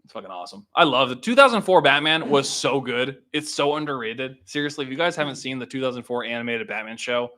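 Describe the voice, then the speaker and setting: A man's voice: mid-range voice, animated, quick pace, few pauses, sharp tone. A young man hosting a casual livestream, chatting to viewers, laughing often and swearing freely. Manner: laughs often, swears, quotes lines in voices. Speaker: livestream host, filmmaker.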